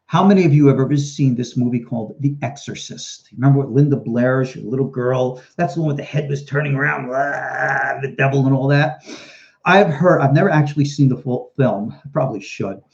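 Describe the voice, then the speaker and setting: A man's voice: mid-range voice, brisk. A man, a rabbi and teacher, answering viewer questions in a casual live talk, chatty and digressive, telling stories as he goes. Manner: chatty, animated storyteller, digresses freely. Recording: dull lo-fi livestream audio.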